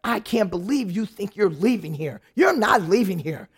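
A woman's voice: mid-range voice, animated, normal speed, slightly rough. A woman putting on a bossy motherly lodge keeper. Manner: pushy, commanding, doting.

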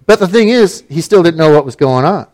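A man's voice: a little high, animated, fairly quick, darkish tone. A middle-aged man from Alaska telling a personal story in a casual, wry and self-mocking way, with plenty of fillers and restarts.

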